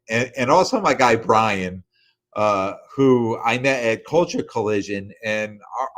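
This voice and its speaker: A middle-aged man hosting a podcast, giving a casual, rambling recap full of fillers and restarts. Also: fairly low pitch. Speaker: podcast host.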